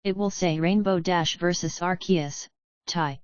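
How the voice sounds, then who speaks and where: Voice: medium pitch, a little slow, clear, resonant tone, no echo, lo-fi sound, lightly acted. A woman voicing a young male dragon who keeps a record book, matter-of-fact.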